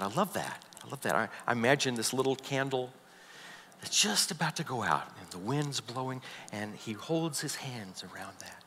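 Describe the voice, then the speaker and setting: A man preaching a sermon as a pastor, animated, swinging from loud emphasis to soft, near-whispered passages. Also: medium pitch, normal speed, big-room sound, slight background noise.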